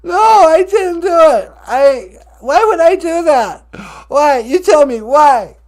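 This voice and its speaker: A man's voice: very high voice, expressive, slow, darkish tone, full character voice. A man voicing a self-pitying adult male caller who whines and sobs through a comedy call-in sketch. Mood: whining. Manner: whining, sobbing protests.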